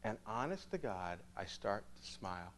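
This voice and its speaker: A man, a priest, telling a story to students in an animated way, acting out the dialogue. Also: on the low side, normal speed, a little hiss or hum.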